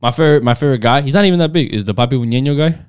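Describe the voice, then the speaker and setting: A young man telling prank stories in casual podcast chat, full of slang and animated. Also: mid-range voice, racing, clean tone. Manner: animated storytelling, heavy slang.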